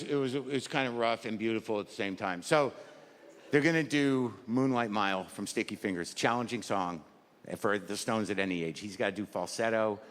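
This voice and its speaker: A man in his sixties doing a stand-up routine, neurotic and self-deprecating, jumping into high mocking voices. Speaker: stand-up comedian. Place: large comedy venue with live audience. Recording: roomy stage recording with crowd laughter.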